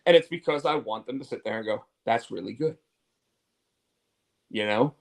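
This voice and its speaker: A man co-hosts a casual talk show at a quick pace, his medium-pitched voice coming through a rough recording. The chat is candid and rambling, with swearing, restarts, fillers, and repeated words.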